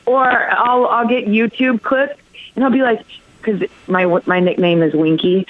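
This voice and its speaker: A woman's voice: fairly high pitch, unhurried, dry recording. Female guest, chatty storyteller, laughs a lot, lo-fi muffled recording. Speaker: interview guest. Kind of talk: casual interview. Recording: dull lo-fi audio.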